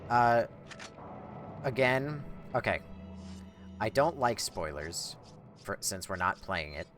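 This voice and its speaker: Low-voiced sarcastic male streamer. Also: very animated, slow pace, fairly bright tone. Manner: sarcastic, swears casually. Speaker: game streamer. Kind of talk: casual gameplay commentary. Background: game music.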